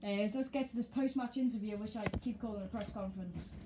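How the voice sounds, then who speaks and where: A woman commentating casually and excitably on her own football video game as she plays. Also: medium pitch, quick pace, noisy background. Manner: chatty and excitable, talking to herself over gameplay. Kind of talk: let's play commentary.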